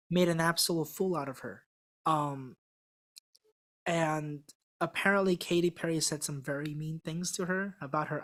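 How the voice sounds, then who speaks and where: A woman being interviewed as a singing contestant, telling her story in a casual, rambling way full of fillers and restarts. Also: sits low. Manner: acts out quoted people in a mock-excited voice. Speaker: singing contestant guest on a podcast.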